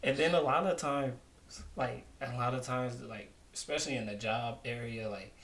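A man co-hosting a podcast, chatting casually and telling a work story in a rambling, relaxed way. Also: mid-range voice, normal speed. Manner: relaxed, rambling, laughs often. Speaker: podcast co-host.

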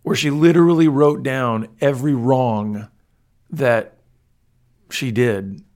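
A man co-hosting a faith-based podcast, talking reflectively and haltingly, often restarting his sentences. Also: mid-range voice, a little mellow. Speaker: co-host.

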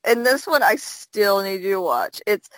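A woman's voice: mid-range voice, very animated, moderate pace, a bit bright, rough recording. A woman co-hosting a podcast, chatting casually, giggling and swearing freely as she talks. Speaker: podcast co-host. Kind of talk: casual chat.

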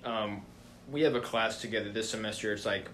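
A man's voice: fairly low pitch, steady tone, fairly quick, fairly bright tone, a little hiss or hum. A young man co-hosting a casual podcast, chatty and rambling, with frequent fillers as he talks. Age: young adult. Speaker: podcast co-host.

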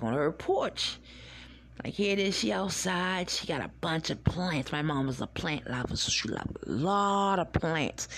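A woman hosting a podcast, telling rambling, laid-back childhood stories in casual talk. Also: low-pitched. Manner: rambling, laid-back, swears and laughs while reminiscing. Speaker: podcast host. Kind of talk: casual storytelling monologue.

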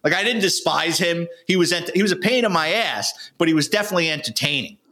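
An older retired detective tells war stories in a blunt, casual way, with a swear thrown in now and then. His voice is bright and forceful, and it sits somewhat high for a man. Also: lively intonation, fast. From New York City. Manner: blunt, street-wise, colorful swearing. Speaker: retired police detective and author, guest. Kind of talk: casual storytelling.

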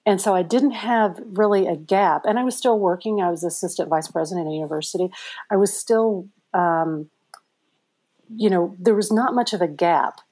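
Middle-aged woman author chatting away in an interview, lotsa ums, lowish voice. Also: normal speed, husky. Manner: chatty, animated storytelling with many fillers. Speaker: author guest. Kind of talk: conversational interview answers.

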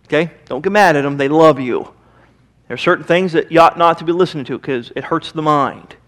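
A man with a Midwestern American accent preaches from the pulpit in a high, bright register. He is emphatic and conversational and slips into little acted-out quotes as he speaks to the congregation. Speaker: pastor. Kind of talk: sermon. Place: church sanctuary.

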